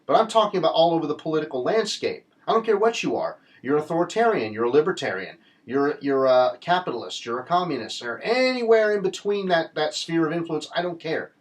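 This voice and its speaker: A man's voice: a little high, sing-song, a little fast, few pauses. A man giving a casual political commentary monologue, earnest and rambling, with many restarts.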